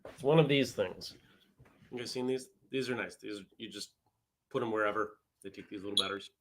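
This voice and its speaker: A man's voice: lowish voice, a little fast, noisy background. A man hosting a casual live morning vlog show, chatting with viewers and reading their comments and jokes aloud. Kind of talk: casual live-stream chat.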